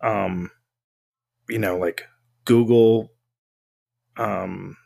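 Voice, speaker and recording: A man's voice: fairly low pitch, fairly even intonation, extremely slow, vocal fry, warm tone. Giggly man telling a story. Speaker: podcast co-host. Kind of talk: casual chat.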